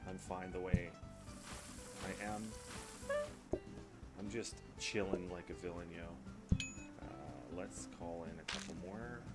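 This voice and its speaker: A gaming YouTuber with a deep voice and a mild Canadian accent comments on his gameplay, rambling casually to himself. He talks slowly with frequent pauses, humming and chatting in a relaxed way while loud music plays behind him.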